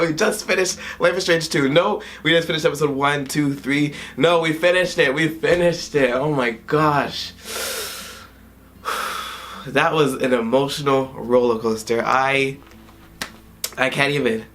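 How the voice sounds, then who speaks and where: A man in his twenties reviewing a video game in a vlog, tearful and emotional, halting and often trailing off mid-sentence, in a dim room at home. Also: mid-range voice, a bit bright. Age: 20s. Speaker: gaming YouTuber.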